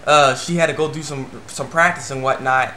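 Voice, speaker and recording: A man rambling casually through an anime episode review, breaking into squeaky voices for quoted characters. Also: steady tone, a little fast, pushed and bright, reverberant, slight background noise.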